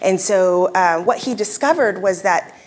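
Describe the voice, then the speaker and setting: A woman's voice: mid-range voice, expressive, unhurried. A woman giving a conference keynote, telling stories in a conversational way with frequent fillers and restarts. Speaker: keynote speaker. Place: convention hall stage.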